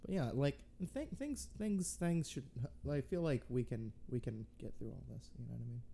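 A man's voice: medium pitch, normal speed, gravelly, warm tone, a little hiss or hum. A man hosting a podcast, bantering casually with crude, rambling jokes. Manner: joking, profane, rambling with fillers. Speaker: podcast host.

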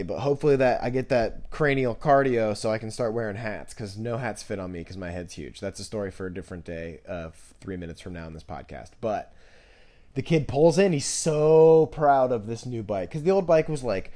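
A man in his twenties hosting a podcast, telling rambling, jokey stories in a casual monologue full of fillers, jumping into high voices to quote people. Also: brisk. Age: 20s. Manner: animated, jumps into high voices when quoting others. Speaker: podcast host.

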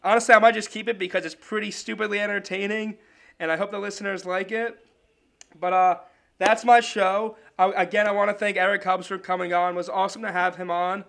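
A man's voice: sits high, little pitch movement, brisk, gravelly, a bit bright. A man hosting his own sports podcast solo, talking in a loose, chatty way with restarts.

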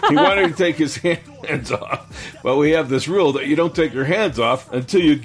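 A man co-hosting a casual podcast, reading stories aloud in a steady way and laughing along. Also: fairly high pitch, moderate pace.

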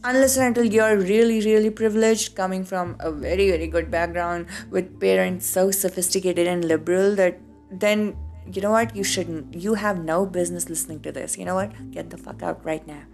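A woman from India with an Indian accent, hosting a podcast and telling a personal story in a casual, animated way, acting out both sides of conversations. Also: lowish voice, normal speed, gravelly, faint music behind. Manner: animated, acts out both sides of quoted dialogue, frequent swearing. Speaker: podcast host.

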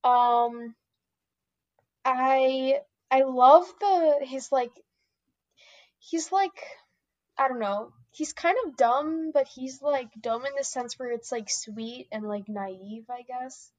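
A woman's voice: sits high, slow pace, darkish tone, no echo, muffled recording. A woman guesting on a podcast, chatting casually in a meandering, hesitant way full of "like". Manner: meandering, hesitant, heavy use of "like". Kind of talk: casual chat.

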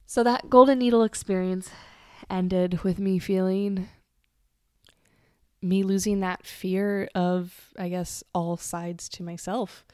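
A woman's voice: medium pitch, steady tone, slow, dark tone, clear, resonant tone, no echo, studio quality. A woman podcast host telling a personal story in a candid, casual way, swearing freely and trailing off and restarting as she talks.

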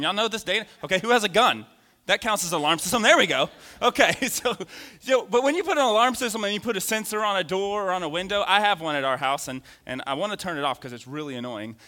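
A man in his thirties preaching a lively sermon in a church, animated and joking with the congregation. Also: high voice. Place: church sanctuary. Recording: long hall reverb.

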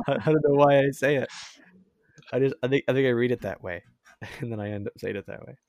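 Man, podcast host, rambling casual chat, mid-pitched, dry sound. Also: steady tone, brisk, darkish tone, no room sound. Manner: rambling, chatty, laughs often.

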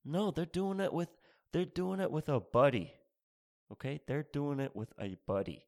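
A man's voice: on the high side, very animated, moderate pace, darkish tone. A man doing a rambling, sarcastic stand-up routine, spelling out mock instructions and repeating his phrases. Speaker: stand-up comedian.

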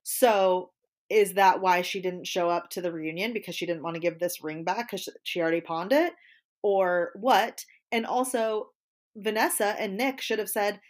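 A woman's voice: medium pitch, moderate pace. A woman co-hosting a casual chat show, gossiping bluntly and acting out quotes as she talks. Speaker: podcast co-host.

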